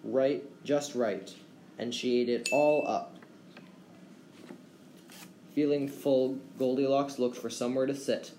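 A man reading a children's fairy tale aloud as a storyteller, with gentle, expressive delivery. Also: mid-range voice, a little slow, long pauses. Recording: roomy echo, faint background hum.

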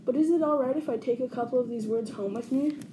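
A woman's voice: sits high, fast, background noise, lightly acted. A woman doing an eager little schoolboy. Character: curious young schoolboy who loves words.

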